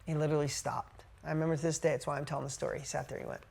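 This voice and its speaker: A man's voice: racing, vocal fry. Emphatic man telling a motivational story. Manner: emphatic storytelling, casual and blunt; swings from hushed to loud and high when excited. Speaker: motivational speaker. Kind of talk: motivational talk to a group.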